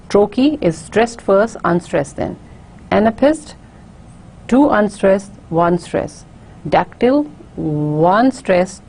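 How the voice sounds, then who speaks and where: A woman lecturing in a recorded online class, her voice low-pitched and mellow. She explains step by step, often stopping on fillers and restarting sentences. A faint hiss of background noise runs under the recording. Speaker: university lecturer.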